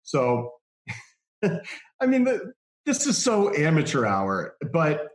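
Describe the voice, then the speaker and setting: A man casually telling a long anecdote, animated, laughing often and acting out what others said. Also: on the high side, takes it slowly, pauses often, echoey room. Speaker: guest telling a story.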